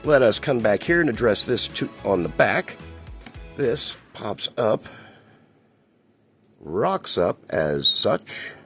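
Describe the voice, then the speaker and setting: This man's lowish, slightly bright voice moves slowly, with frequent pauses and big pitch swings. Handling a collectible figure, he gives it a casual, rambling review, chuckling now and then, as faint music plays.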